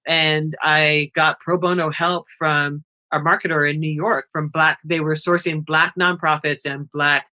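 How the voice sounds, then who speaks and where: Woman, interview guest, bright forceful tone, expressive storyteller, laughs often. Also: low voice. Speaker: nonprofit founder, guest.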